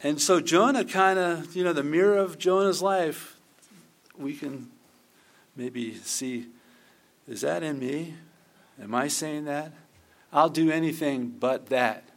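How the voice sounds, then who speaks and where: Middle-aged man, pastor, sermon, conversational, slightly high voice, quoted prayers acted out.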